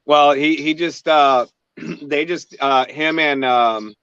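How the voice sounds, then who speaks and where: Smooth-voiced man, dry lo-fi recording. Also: on the high side, steady tone, takes it slowly, a bit bright, no echo. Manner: hesitant, many fillers and restarts. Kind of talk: casual chat. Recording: dry, dull lo-fi sound.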